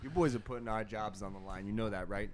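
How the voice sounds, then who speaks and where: A man's voice: lowish voice, quick pace, a crowd in the background, lightly acted. A man playing a stern, blustering federal cop in an improvised comedy sketch, barking threats. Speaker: guest comedian.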